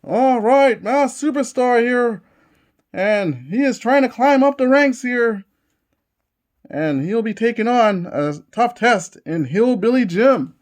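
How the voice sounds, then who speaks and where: High-voiced man calling tabletop wrestling. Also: lively intonation, takes it slowly. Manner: eager, repeats each move as he calls it. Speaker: host commentating a tabletop wrestling game. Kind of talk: play-by-play wrestling commentary.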